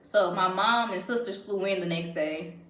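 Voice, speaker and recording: A woman's voice: medium pitch, moderate pace, fairly bright tone. Young woman chiming in, echoey room. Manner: chiming in, laughing. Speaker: guest friend. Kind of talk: casual storytime chat.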